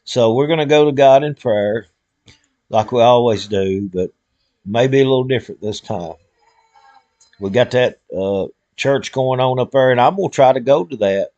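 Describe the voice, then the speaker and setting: A man's voice: medium pitch, moderate pace, warm tone, no room sound, highs cut off. An older man, speaking an emotional, heartfelt prayer to his live-stream viewers in a folksy way.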